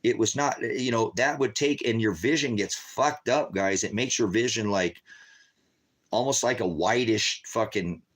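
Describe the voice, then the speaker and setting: A man's voice: on the low side, a little slow, a bit bright, breathy edge. A man giving an agitated, heavily profane, rambling livestream monologue to his viewers, repeating himself often. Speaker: ministry livestreamer.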